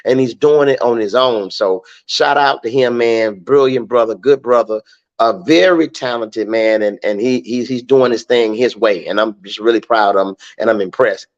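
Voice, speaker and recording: A middle-aged man talks easygoing and casual, often stumbling over repeated words as he gathers his thoughts. His voice sits at a middle pitch. The sound is dull and lo-fi. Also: moderate pace. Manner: easygoing, repeats words while searching for them. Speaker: comedian and podcast guest. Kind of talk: casual chat.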